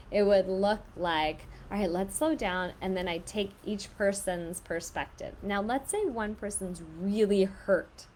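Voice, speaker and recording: A woman and parent giving advice in a casual monologue, explaining calmly with lots of filler words. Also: medium pitch, slight background noise. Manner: conversational, many filler "like"s, calm explaining.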